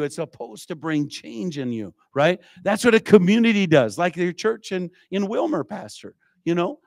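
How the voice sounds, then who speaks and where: A man's voice: a little high, dry recording. A man preaching a revival sermon, telling a story with frequent call-outs to the congregation. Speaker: evangelist preacher. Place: church.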